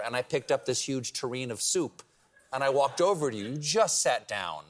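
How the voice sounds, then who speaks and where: A middle-aged man hosting a late-night talk show, joking and telling stories with animated delivery. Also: mid-range voice, a little slow, pauses often, very noisy. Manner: jokey, animated storyteller. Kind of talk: late-night monologue and interview.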